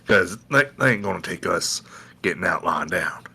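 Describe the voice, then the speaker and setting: Lively bright-voiced man at the table. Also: low voice, moderate pace, vocal fry, breathy edge. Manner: stammering restarts, Southern drawl put on. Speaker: player. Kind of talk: casual chat, playing a character.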